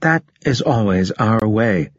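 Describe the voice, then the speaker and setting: A man's voice: lowish voice, animated, slow, no room sound, heavily acted. Man voicing a pompous alien prefect. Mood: haughty. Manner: stiff, formal, indignant. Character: haughty pompous alien prefect, male-voiced creature. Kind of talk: audiobook character reading. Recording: dull, muffled audio.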